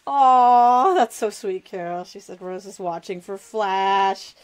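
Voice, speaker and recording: A woman's voice: medium pitch, slow, poor audio. Chatty, laughing woman hosting a craft show. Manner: chatty, self-deprecating, laughs often; talks while working with her hands. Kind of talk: live crafting demonstration.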